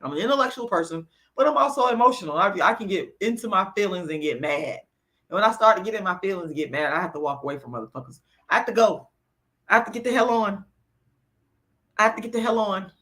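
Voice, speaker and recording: A woman's voice: mid-range voice, lively intonation, quick pace, fairly bright tone. A woman on a livestream answering her chat, moving between lecturing and blunt, profane venting as she gets worked up. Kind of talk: heated livestream rant.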